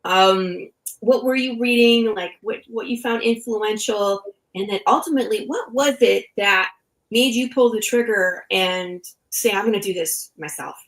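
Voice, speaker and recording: A woman's voice: medium pitch, a little slow, poor audio. A woman from Michigan with a Midwestern accent, hosting a casual talk show, chatty and laughing often. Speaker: podcast host. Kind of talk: casual chat.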